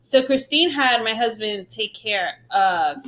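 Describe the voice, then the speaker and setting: A woman's voice: fairly high pitch, animated, slow pace, fairly bright tone. A young woman co-hosting a casual podcast, telling a story and acting out quoted dialogue, laughing often. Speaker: podcast co-host.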